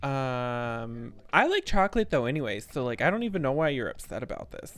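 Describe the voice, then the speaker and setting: A man's voice: mid-range voice, very animated, a little fast, fairly bright tone, no room sound. A man voicing a whiny, self-absorbed friend in an overdramatic, indignant tone.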